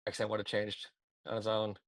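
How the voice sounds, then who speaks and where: A man in casual online voice chat, speaking in a hesitant, measured way with frequent restarts. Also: on the low side, monotone, creaky, no room sound. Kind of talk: casual chat over a video call.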